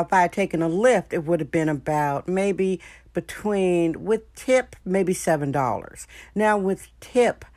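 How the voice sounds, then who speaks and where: A woman's voice: fairly low pitch, a little mellow, dry recording, studio quality. A woman hosting a podcast, telling a story in a chatty, frank way and talking straight to her listeners. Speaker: podcast host. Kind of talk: casual storytelling monologue. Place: San Francisco.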